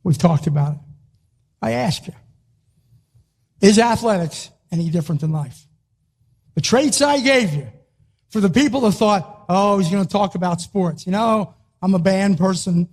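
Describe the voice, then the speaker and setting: An older man with a notably high-pitched voice speaks to an audience in a motivational talk. He repeats his key phrases with emphasis and now and then rises to a shout. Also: moderate pace, pauses often. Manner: emphatic, repetitive, rising to a shout on key lines.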